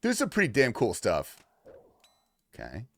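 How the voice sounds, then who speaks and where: A male livestreamer talking loosely over his gameplay, with a mid-pitched voice that swings widely up and down. He drops from mumbled, muttered asides into sudden excited outbursts, and he swears freely. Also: a little slow. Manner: loose and profane, reacting to gameplay and chat. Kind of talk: casual gaming livestream chat.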